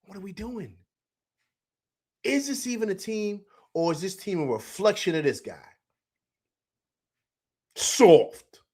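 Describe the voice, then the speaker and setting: A middle-aged man hosts a live postgame call-in show, talking in an emphatic, repetitive way. His pitch sits a bit high and swings widely as he rants and reads out viewer comments. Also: moderate pace. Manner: animated, emphatic, repeats himself, reads chat comments aloud. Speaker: sports show host.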